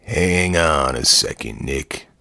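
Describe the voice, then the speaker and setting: A man voicing a tough, mocking Italian pool hustler with a slow, taunting drawl. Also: extremely low pitch, lively intonation, creaky, pushed and bright, no room sound, studio quality, full character voice.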